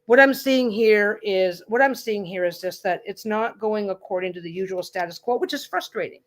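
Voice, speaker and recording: A woman's voice: mid-range voice, expressive, normal speed. A woman hosting a livestreamed tarot reading, chatting casually in a reassuring, rambling way with frequent restarts. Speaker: tarot reader and livestream host.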